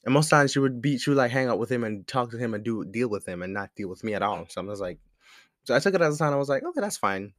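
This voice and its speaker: A man's voice: mid-range voice, fast, dry recording, clean studio sound. Rambling young man telling a story. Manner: rambling, laid-back, swears freely, laughs often. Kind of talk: casual storytime vlog. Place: at home at a desk with a laptop.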